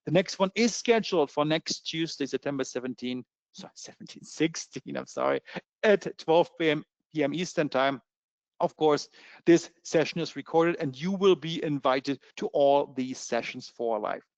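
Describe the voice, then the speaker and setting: A man with a German accent giving a fast, eager sales pitch in a trading webinar, with many fillers. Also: dry recording. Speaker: webinar presenter.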